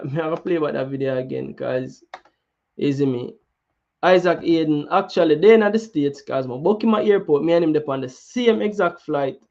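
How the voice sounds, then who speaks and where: A man's voice: fairly high pitch, darkish tone. Jamaican man chatting football, lo-fi. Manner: mixes Jamaican patois into chatty talk with many restarts. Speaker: football channel host. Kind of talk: casual chat.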